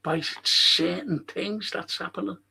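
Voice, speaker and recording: A man's voice: sits high, steady tone, measured pace, creaky, pushed and bright, husky. A man hosting a rambling solo monologue, blunt, swearing and often restarting his sentences. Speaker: host.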